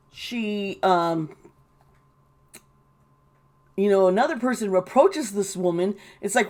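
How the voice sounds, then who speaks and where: A woman's voice: mid-range voice, slow pace, long pauses, a little mellow. A woman giving casual, indignant commentary, swearing and mocking the people she quotes. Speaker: tarot reader and commentator.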